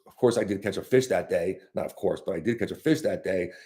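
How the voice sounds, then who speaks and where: A man's voice: deep voice, quick pace, warm tone. A young man who works as a fishing guide, telling a rambling casual story full of fillers and restarts. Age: young adult.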